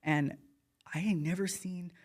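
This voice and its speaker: A woman's voice: on the low side, fairly even intonation, a little slow, a little mellow. A woman speaking as a guest in a casual podcast conversation, impassioned and blunt, rambling with frequent restarts. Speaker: guest, former inmate.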